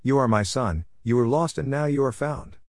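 A man voicing a gentle, welcoming middle-aged pastor father in a spoken story. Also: mid-range voice, moderate pace, no echo, studio quality, pitched above the performer's own voice, close to an everyday voice. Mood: tender.

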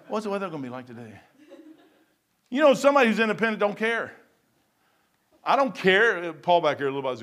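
A man preaching a sermon in a folksy, rambling way, swinging between loud bursts and quiet asides. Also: high-pitched, sing-song, fairly quick, pauses often. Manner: folksy and rambling, with stumbles and chuckles.

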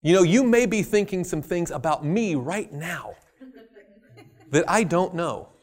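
Man, preacher, sermon, storytelling, joking asides, swooping intonation, slightly high voice. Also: measured pace. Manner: animated, storytelling, jokey asides.

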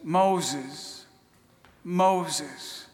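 A man voicing God and Jesus, calm and solemn, speaking low and hushed in a reverberant hall. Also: very slow. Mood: solemn tender.

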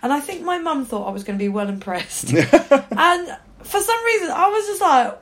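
A woman in her thirties tells a story on a podcast in a lively, chatty way. She swears freely and puts on voices for the people in her story. Her voice sits a little high. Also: normal speed. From Norfolk, England. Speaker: podcast co-host. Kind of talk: casual chat.

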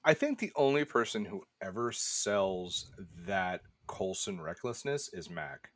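A man's voice: fairly low pitch, animated, a little slow, no room sound. A man in a casual review podcast, talking enthusiastically and animatedly and swearing casually.

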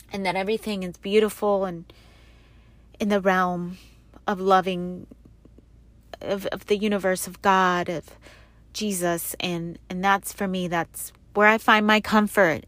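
A middle-aged woman hosting her own podcast, speaking softly and haltingly with many fillers, teary and emotional. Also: mid-range voice, dry recording. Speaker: podcast host. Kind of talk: personal podcast monologue.

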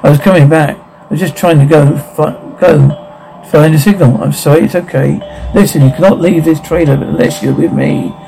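A man reading a worried father's lines in a flat, halting way. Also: fairly high pitch, gravelly, soft background music, poor audio. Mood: plain. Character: worried father protecting his young daughters.

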